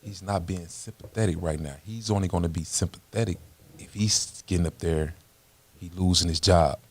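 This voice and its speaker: A man's voice: deep voice, moderate pace, a little mellow. A man appearing as a guest on a radio talk show, speaking bluntly about his case against the police.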